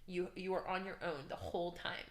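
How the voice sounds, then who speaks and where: A woman guest telling her story in an interview, animated and earnest, acting out shouts and her own inner voice. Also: lowish voice, a little fast, roomy sound. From Canada. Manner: emotional, earnest. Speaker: podcast guest, business coach.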